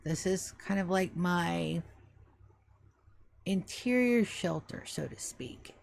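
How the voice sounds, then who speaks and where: An ancient tree spirit speaks with slow, stately formality, as if weighing every word like an old butler, voiced by a woman in a tabletop game. The voice sits low and gravelly, and it stays soft and hushed. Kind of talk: tabletop game role-play.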